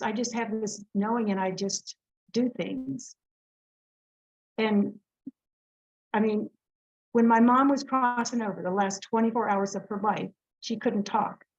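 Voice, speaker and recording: A middle-aged woman and Reiki master telling stories as an interview guest, chatty and earnest with plenty of fillers. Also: medium pitch. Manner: chatty, earnest, lots of fillers and quick laughs. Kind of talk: casual storytelling in an interview. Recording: slightly muffled, lo-fi audio.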